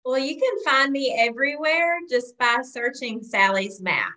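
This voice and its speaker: Bright-voiced Southern woman, earnest. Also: high-pitched, animated. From United States. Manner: earnest, faith-filled advice with frequent pauses. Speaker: guest, yoga teacher. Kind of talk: podcast interview.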